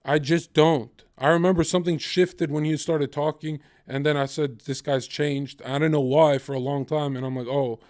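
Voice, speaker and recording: A man's voice: a little high, steady tone, normal speed, few pauses, a little mellow. A young man streaming, ranting heatedly and with lots of swearing, acting out other people's lines in quotes. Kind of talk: ranting livestream commentary.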